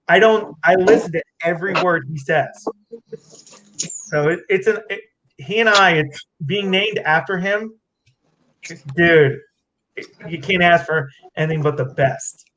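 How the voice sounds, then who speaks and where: A man giving an emotional award acceptance talk, near tears, halting and restarting as he thanks his coach. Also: high voice, fairly bright tone, a little hiss or hum. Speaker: award winner, fighter.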